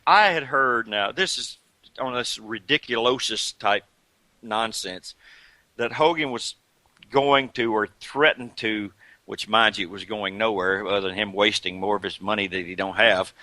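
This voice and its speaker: An older man telling stories in a casual interview, lively and chatty, and he slips into impressions along the way. His voice is bright and forceful, and it sits close and dry on the mic. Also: fairly low pitch, unhurried, no echo. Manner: chatty and animated, breaks into imitations and laughs. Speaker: guest, retired wrestler.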